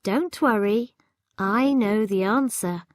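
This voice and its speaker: A woman voicing a clever, calm child in a children's storybook reading, high and confident in tone. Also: takes it slowly, no room sound, studio quality, natural voice. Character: clever, calm child who solves riddles.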